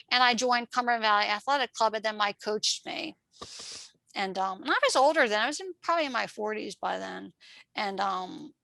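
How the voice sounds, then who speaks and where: A middle-aged woman from Pennsylvania, a runner telling her life story as a podcast guest, chatty and quick to act out past conversations with a laugh. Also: mid-range voice, pushed and bright, dry recording, rough recording. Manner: chatty, acts out past dialogue, laughs often. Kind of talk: personal storytelling.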